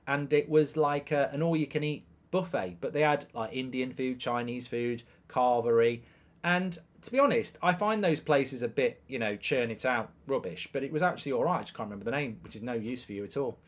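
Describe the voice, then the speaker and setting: A man's voice: medium pitch, fairly quick. A man hosting a live football watchalong, chatting crudely and jokingly, reading out viewer messages and scores.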